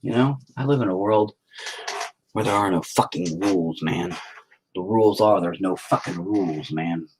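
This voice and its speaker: Low-voiced and speaking at normal speed, a man streams his painting over a slight hiss or hum. He chatters to himself while working, constantly cursing and being casually hard on himself.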